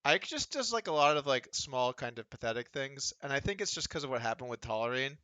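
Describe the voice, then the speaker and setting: This poker streamer, a man in his thirties, rambles through a casual livestream while playing online poker, with dry humor throughout and mocking impressions of others. His medium-pitched voice is bright, a little tense, fairly quick, and swings widely in pitch. It sits close to the mic in a dry room with no echo.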